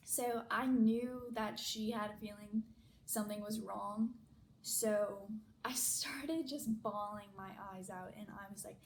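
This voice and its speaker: A woman's voice: mid-range voice, steady tone, slow, creaky. A young woman telling a personal story in a chatty, casual way, full of "like" fillers. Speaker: vlogger. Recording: echoey room, faint noise.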